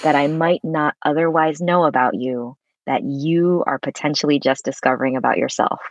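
A woman speaking as a guest on a podcast about voice work, expressive and effusive, swearing casually as she talks. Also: deep voice, moderate pace, no echo. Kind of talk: conversational interview. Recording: dull lo-fi sound.

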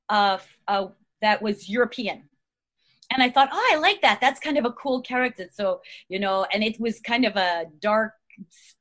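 A woman's voice: a little high, fairly bright tone. A woman in her fifties, a guest actress chatting casually, rambling through her thoughts and laughing often. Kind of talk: casual chat.

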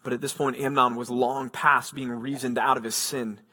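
A man's voice: medium pitch, little pitch movement, moderate pace, bright, forceful tone. A man preaching a sermon as pastor, reading scripture aloud and then explaining it in an earnest, emphatic way.

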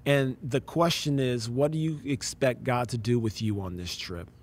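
Animated man telling a faith story. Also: medium pitch, normal speed, a little hiss or hum. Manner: animated, acts out quoted voices, casual slang. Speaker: pastor. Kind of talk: storytelling in a conversation.

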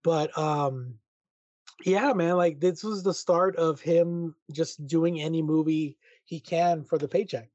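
A man's voice: on the high side, steady tone, slow pace, darkish tone, dry recording. A man co-hosting a podcast, chatting casually about movies in an easygoing way, laughing often and restarting his sentences. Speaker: podcast co-host. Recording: dry, dull lo-fi sound.

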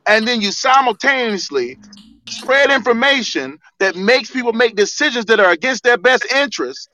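A man's voice: extremely high pitch, expressive, normal speed, bright, forceful tone, low-quality recording. A man, a doctor, defending himself insistently in a live audio room debate and talking over the others. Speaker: doctor and guest speaker.

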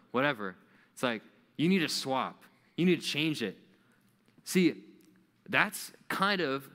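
Guy preaching to a youth group, bright voice, acts out little scenes, big echoey hall. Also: mid-range voice. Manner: animated storytelling, acts out quoted voices. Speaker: youth pastor. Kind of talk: sermon. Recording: long hall reverb.

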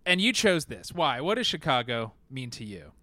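A man's voice: mid-range voice, very animated, normal speed, bright, forceful tone, no room sound. A man hosting a podcast in casual chat, with playful announcer bits. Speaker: podcast host.

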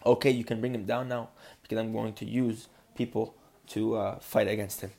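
A man's voice: lowish voice, fairly even intonation, normal speed, creaky, a little mellow. A man teaching a podcast Torah lesson, earnest and building to emphatic insistence.

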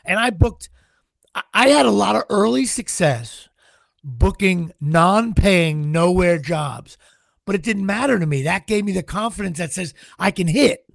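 Middle-aged jersey guy telling stories, high voice with a gravelly edge, keeps tripping over his words. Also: measured pace, dry recording. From Central New Jersey. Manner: animated, stammers and repeats words while telling stories. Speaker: guest actor. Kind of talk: anecdotal interview storytelling.

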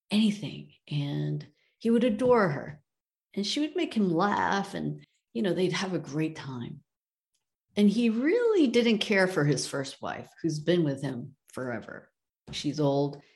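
Woman storyteller, low voice, very slow and conversational. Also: darkish tone. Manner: unhurried, conversational. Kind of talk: telling a parable.

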